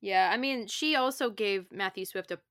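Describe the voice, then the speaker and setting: A woman's voice: medium pitch, moderate pace, a bit bright, no echo, studio quality. A young woman co-hosting a book podcast, chatting casually and rambling, sometimes humming to herself. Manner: rambling, hums and scats playfully. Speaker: podcast co-host.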